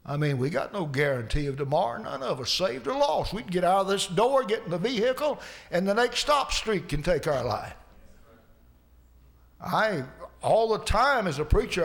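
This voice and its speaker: A man's voice: fairly high pitch, gravelly. A male preacher giving a folksy sermon, repeating lines for emphasis.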